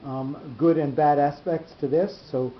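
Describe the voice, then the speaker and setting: This is a male Torah teacher running a study session. His explanations come slowly and haltingly, full of restarts and fillers, with fairly even intonation and a slowdown whenever he spells out terms; the recording has a dull echo and faint rumble.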